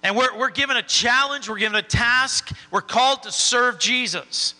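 A man's voice: extremely high pitch, normal speed, sharp tone, big-room sound. A man preaching a sermon in a folksy, encouraging way.

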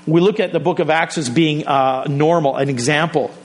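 High-voiced conversational male pastor. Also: moderate pace. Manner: conversational, self-interrupting, jokey asides. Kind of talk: sermon.

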